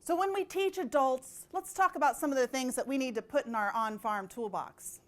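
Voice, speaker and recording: High-pitched woman in her thirties, animated keynote speaker with a storyteller's delivery. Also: moderate pace. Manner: animated, acts out quoted voices. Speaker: conference speaker.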